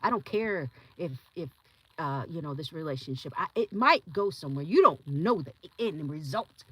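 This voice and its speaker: A young woman hosting a podcast, talking casually and giving her opinions, often acting out other people's lines in quick put-on voices. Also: low voice, slightly rough, no echo, rough recording. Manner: animated, acts out voices in quotes. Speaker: podcast host.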